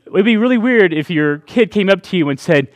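Chatty preacher man, slightly high voice. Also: animated, brisk, dry recording. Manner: chatty, laughing asides, many "right?" checks. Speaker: pastor. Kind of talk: conversational sermon.

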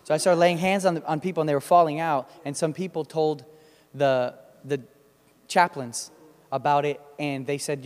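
Preacher, male, high voice, emphatic storyteller, long hall reverb. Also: brisk. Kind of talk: sermon with storytelling.

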